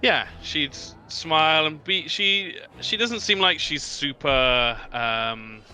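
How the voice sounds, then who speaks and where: A man's voice: fairly high pitch, animated, slow, bright, forceful tone, soft background music. A man playing a tabletop game, casually describing what his character does. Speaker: player.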